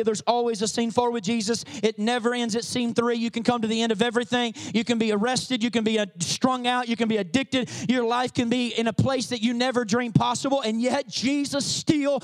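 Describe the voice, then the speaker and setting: A man with a strikingly high voice delivers a sermon to a gathered congregation. He leans hard on rhetorical questions and presses each point home with fervor. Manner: emphatic, full of rhetorical questions to the listeners. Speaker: pastor. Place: speaking to a congregation in a room.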